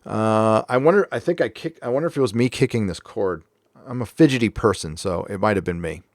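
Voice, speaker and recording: A man's voice: fairly low pitch, brisk, no echo. Ranting male livestream host, dry sound. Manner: blunt, ranting, profane, frequent restarts. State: angry. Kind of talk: casual live-stream commentary.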